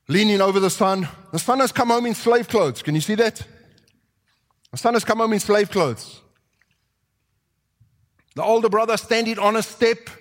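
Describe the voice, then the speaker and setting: A man with a high voice preaches a sermon, telling the story vividly and acting out each character's lines. His voice rings with the long reverb of a large hall, as if recorded in a church sanctuary.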